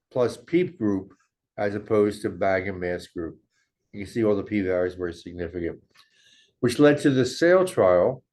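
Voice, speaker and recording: An older man giving a measured academic medical lecture, walking through slides of study data. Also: lowish voice, darkish tone.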